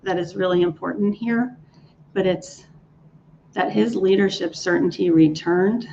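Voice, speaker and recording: Low gravelly woman telling coaching stories. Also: darkish tone. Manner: enthusiastic, repeats and restarts words. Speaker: leadership coach. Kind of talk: speaker interview storytelling. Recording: dull lo-fi sound with faint noise.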